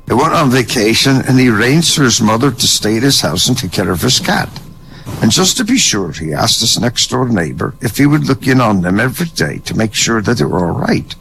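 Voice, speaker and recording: An older man doing stand-up, telling jokes in a wry, dry delivery with a gravelly voice. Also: medium pitch, very animated, brisk, fairly bright tone, slight background noise, poor audio. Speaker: comedian. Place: online voice chat room.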